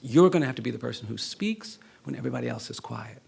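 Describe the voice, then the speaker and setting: A middle-aged man, a law professor, gives a public lecture and tells a personal story in an earnest, measured way with rising emphasis. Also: mid-range voice, wildly swooping pitch, creaky, breathy edge. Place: lecture hall.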